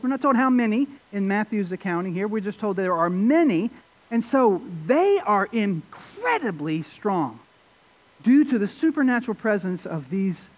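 A man preaching a sermon, expressive, asking his listeners rhetorical questions. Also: extremely high pitch. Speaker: pastor.

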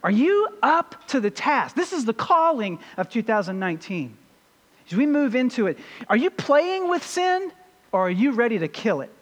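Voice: mid-range voice, very animated, moderate pace, a bit bright, in a large hall. A pastor preaching a sermon with emphasis and putting rhetorical questions to the congregation.

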